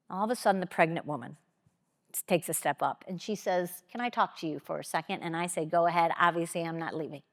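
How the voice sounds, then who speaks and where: A woman with a somewhat low voice tells a personal story on a conference stage. She leans on dramatic pauses and voices the people in her story. The sound carries the long reverb of a large hall. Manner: expressive, dramatic pauses, quotes people aloud. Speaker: keynote speaker. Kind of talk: motivational storytelling talk.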